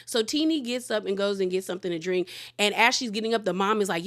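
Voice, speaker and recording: A woman recapping a reality TV episode in casual, animated storytelling, acting out the quotes as she goes. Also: medium pitch, fairly quick, few pauses.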